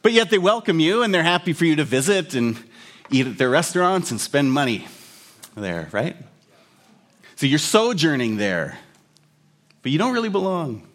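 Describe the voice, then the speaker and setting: A man's voice: a little high, a bit bright. A man preaching a sermon in a conversational, explanatory way with humorous asides. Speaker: pastor.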